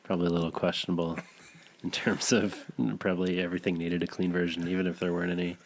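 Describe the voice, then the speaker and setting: Deep-voiced man trading dry quips. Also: a little hiss or hum. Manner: dry deadpan quips, quick laughs. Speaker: podcast co-host. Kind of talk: casual chat.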